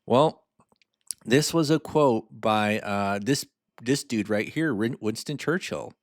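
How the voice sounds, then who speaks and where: A man's voice: fairly low pitch, takes it slowly, dry recording. Male host, casual explainer, informal and chatty, dry recording. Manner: chatty and informal, lots of fillers and asides; walks through a spreadsheet on screen. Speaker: host of a personal finance channel.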